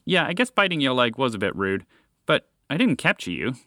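A man's voice: mid-range voice, sing-song, brisk, pushed and bright, no room sound, studio quality. A man voicing a small, impatient chocolate lab dog who talks in a judgmental, exasperated, condescending way in a storybook tale. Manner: judgmental, exasperated, matter-of-fact.

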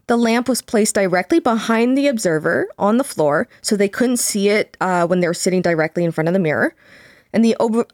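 A young woman co-hosts a casual podcast, reading passages aloud in a measured way with small fillers between thoughts. Her voice sits at a middling pitch and is recorded close and dry, with no room sound. The pacing is unhurried and conversational. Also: a little mellow, dry recording. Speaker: podcast co-host.

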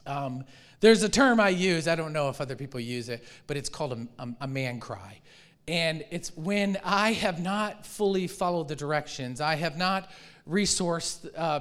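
A man preaching a sermon as pastor, animated and conversational, acting out quoted reactions and asking the congregation questions. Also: on the high side, clean tone. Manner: restarts and repeats words often.

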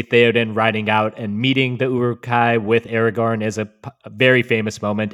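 A man hosting a podcast in casual chat, relaxed and measured with wry asides. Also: on the low side. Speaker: podcast host.

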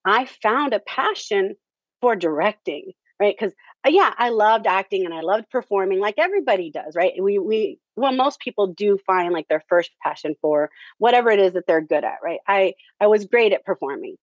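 A woman's voice: mid-range voice, animated, moderate pace, breathy edge, dry recording. A woman telling her story in a chatty, conversational way, often leaning on "you know" and "um". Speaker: theater director, interview guest. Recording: dull lo-fi, dry.

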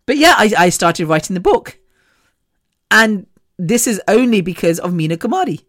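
A woman's voice: medium pitch, animated, normal speed, a bit bright. A woman hosting a podcast, candidly telling a personal story in a chatty way, swearing freely and laughing often. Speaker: podcast host.

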